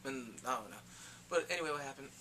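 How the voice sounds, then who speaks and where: Excitable man recapping a TV episode, bright voice. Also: mid-range voice, a little hiss or hum. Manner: excitable, slangy, acts out characters in quick asides. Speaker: TV recap vlogger.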